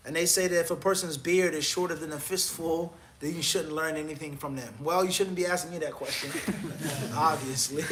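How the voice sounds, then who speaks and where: A man's voice: a little high, bright, forceful tone, slight background noise. A man answering live questions as a mufti, firm and exhorting, counting off points and joking about himself.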